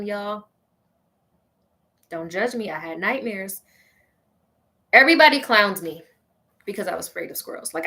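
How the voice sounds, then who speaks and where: Speaking straight to her audience, a show host with a medium-pitched voice recounts an amusing story from her own life, lively and full of exclamations.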